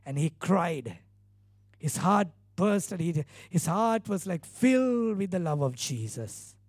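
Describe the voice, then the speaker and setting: A man's voice: high voice, sing-song, takes it slowly, darkish tone, no echo, clean studio sound. A male pastor preaching a sermon, retelling scripture earnestly with emphatic repeated phrases.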